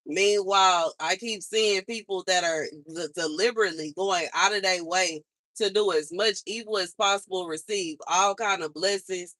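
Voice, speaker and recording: Bright-voiced woman venting, frustrated and emphatic. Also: on the low side, normal speed, no echo. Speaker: livestream host. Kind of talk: venting on a livestream.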